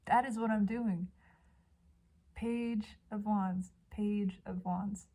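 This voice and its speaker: A woman doing an intuitive tarot reading at home, gushing and dreamy, often dropping into soft whispers. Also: medium pitch, steady tone, slow. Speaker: tarot reader. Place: home by a balcony.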